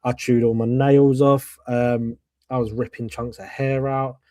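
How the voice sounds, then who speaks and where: A man's voice: medium pitch, little pitch movement, a little slow, dark tone, no room sound. A man hosting a casual fan show, telling candid stories and swearing freely. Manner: candid, swears, tells anecdotes. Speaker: host.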